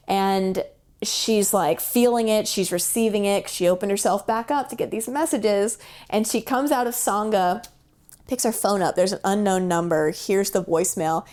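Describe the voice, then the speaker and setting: Woman guest, casual storyteller, mid pitch, animated, acts out quoted lines. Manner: chatty, with fillers like "like" and "um". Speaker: podcast guest.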